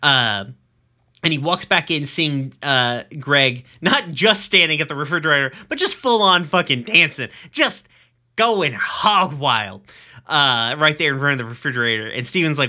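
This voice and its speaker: A man with a very bright, forward voice talks through a cartoon episode on his podcast. He recaps in a loose, joking way, dropping swear words as he goes. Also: fairly high pitch, animated. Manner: swearing, jokey recap with quick acted quotes. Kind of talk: casual chat.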